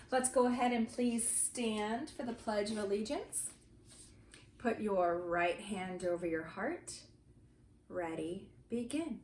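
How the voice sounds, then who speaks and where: A woman teaching young children a morning lesson from her home, speaking slowly and clearly and leading them through chants and counting. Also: fairly high pitch, echoey room, slight background noise.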